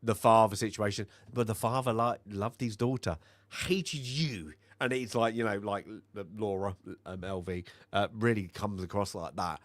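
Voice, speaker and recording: A man co-hosting a film review podcast, recapping scenes in a rambling way with many fillers and quick bits of mimicry. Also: fairly low pitch, no echo. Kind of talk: casual chat.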